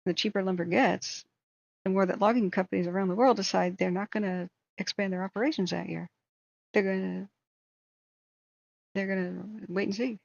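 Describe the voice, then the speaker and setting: A woman with a hoarse voice hosts a wildfire tracking livestream, venting in indignant, exasperated commentary. The audio is dull and lo-fi, with a dry, close sound and no room echo. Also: medium pitch, fairly even intonation, moderate pace, long pauses.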